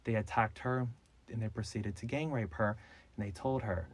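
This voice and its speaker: Pitched on the low side and speaking at normal speed, a man hosts a podcast where he loosely retells a true-crime case. Fillers such as "like" and "so" run all through his casual account.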